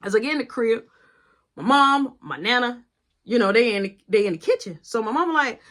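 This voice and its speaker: A woman's voice: on the high side, brisk. A woman telling a personal story in a casual storytime style, acting out each quoted voice with lots of energy. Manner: animated, acts out every quoted voice.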